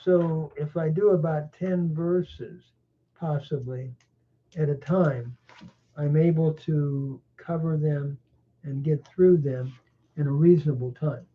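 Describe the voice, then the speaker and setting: A man teaching a Bible chapter verse by verse, reflective and unhurried, pausing often with small fillers. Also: on the high side, steady tone. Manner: reflective, with frequent pauses and fillers. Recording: tinny phone-like sound.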